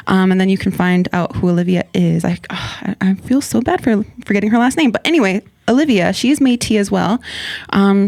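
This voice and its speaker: A woman's voice: medium pitch, vocal fry, darkish tone, dry recording. A young adult woman, a hip-hop artist and actor, rapping and half-singing her rhymes in a small radio studio, then chatting casually with laughs and restarts. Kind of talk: live rap performance and casual interview. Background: hip-hop beat under the rap.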